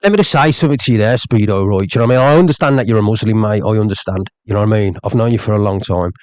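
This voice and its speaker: A man's voice: on the low side, rapid-fire, darkish tone, no room sound. Heated man ranting on a livestream. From England. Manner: heated, repeats "mate" often. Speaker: livestream host.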